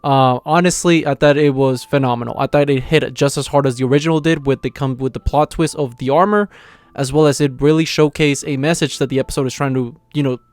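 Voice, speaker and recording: A man's voice: medium pitch, fairly even intonation, brisk, no room sound. A young man hosting his anime channel, recapping an episode in a rambling, casual way full of quoted lines and fillers. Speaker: anime reaction channel host.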